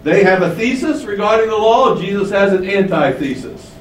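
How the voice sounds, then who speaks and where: A man's voice: expressive, moderate pace. A man preaching a sermon with emphasis, asking his listeners questions and repeating key lines. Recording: echoey room, mic at a distance, faint rumble.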